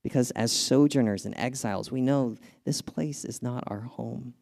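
A man's voice: medium pitch, normal speed, creaky. A young adult man from California preaching a sermon as a pastor, mixing casual storytelling with scripture reading and laughing now and then. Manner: animated, laughs at his own stories.

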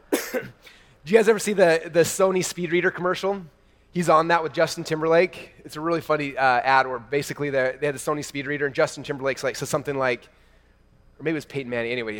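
A man in his thirties giving an energetic keynote to a large live audience, telling stories excitedly and talking to the crowd as "you guys". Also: on the high side, in a large hall. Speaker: keynote speaker. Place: large event hall before a live audience.

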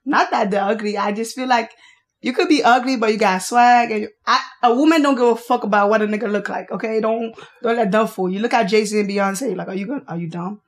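A young woman from Haiti with a Haitian accent, chatting frankly and playfully as a podcast guest. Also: fairly high pitch. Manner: blunt, frank and playful, quick bursts. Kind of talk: casual chat.

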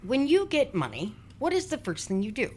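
A woman's voice: fairly high pitch, huge pitch swings, brisk, a little mellow, slight background noise. A woman in her forties telling a true-crime story on a casual podcast, blunt and sweary with sarcastic asides. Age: 40s. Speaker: podcast host.

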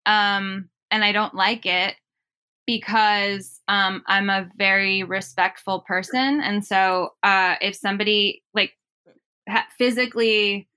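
A woman's voice: mid-range voice, fairly even intonation, slow, pushed and bright, smooth. A woman talking casually as a podcast guest, rambling and often breaking off to restart her thoughts. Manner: rambling, self-interrupting, laughs often. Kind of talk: casual conversation.

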